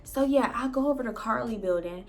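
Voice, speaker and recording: Animated young woman telling a story. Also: on the high side, brisk. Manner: animated, slangy, swears freely. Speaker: vlogger. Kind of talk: casual storytelling.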